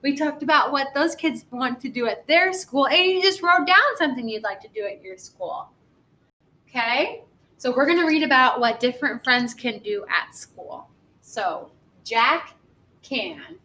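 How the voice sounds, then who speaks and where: A woman teaching a first grade class through a recorded reading lesson, speaking gently and asking the children encouraging questions. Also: high-pitched, expressive, measured pace.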